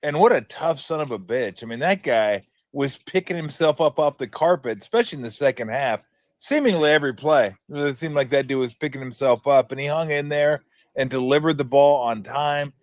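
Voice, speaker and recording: A male sports radio host in casual chat, telling stories in an animated way and laughing often. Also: mid-range voice, a little fast, no room sound.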